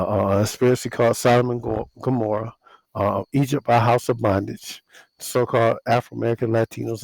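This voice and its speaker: A man preaches outside on his porch, stumbling over strings of repeated words before pressing on with his warnings. His voice sits at a middle pitch. The sound is close and dry, with no room around it. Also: vocal fry, darkish tone, dry recording, rough recording. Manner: halting, many repeated fillers and restarts. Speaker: religious video host. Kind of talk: casual street sermon. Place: outdoors on a house porch.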